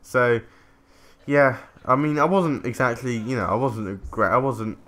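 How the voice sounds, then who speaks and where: Man, chatty rambling storyteller, bright forceful voice, gaming commentary. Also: mid-range voice, normal speed. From England. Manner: rambling, chatty, self-interrupting, swears casually. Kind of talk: casual gameplay commentary storytelling.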